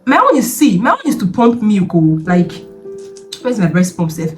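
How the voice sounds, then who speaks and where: A woman's voice: medium pitch, very animated, normal speed, soft background music. A young woman, talking to the camera in a casual confessional vlog. She is chatty and emphatic, repeats her points and keeps checking that the viewer understands. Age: young adult. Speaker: vlogger.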